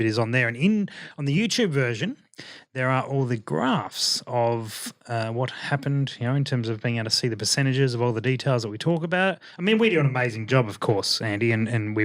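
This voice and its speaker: A man's voice: medium pitch, a little fast. Joking male podcast co-host. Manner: joking, self-mocking, stumbling restarts. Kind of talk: casual podcast banter.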